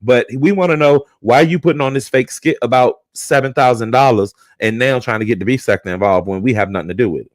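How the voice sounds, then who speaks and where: A man hosting a casual livestream, retelling online drama in an animated, profane storytelling manner. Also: mid-range voice, fast, few pauses, no room sound. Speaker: livestream host.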